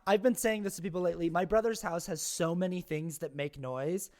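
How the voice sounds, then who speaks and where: A man's voice: high voice, fairly quick, darkish tone. A man being interviewed as a guest over a remote call from home. He talks casually and rambles through stories, full of fillers. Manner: rambling, filler-heavy storytelling. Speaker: interview guest, actor and content creator. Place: at home, his brother's house.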